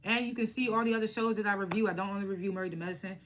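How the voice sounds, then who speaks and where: A young woman vlogging a casual reality TV recap, animated and slangy, laughing as she acts out what the cast said. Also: medium pitch, rapid-fire, a little hiss or hum. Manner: animated, laughing, slangy retelling with acted-out quotes. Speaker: reality TV reviewer.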